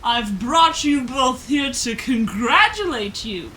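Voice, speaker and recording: A woman voicing a booming, god-like male lightning spirit in a tabletop game, speaking slowly and grandly. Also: expressive, slight background noise, full character voice. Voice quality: loud, booming. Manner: slow, grand pronouncements.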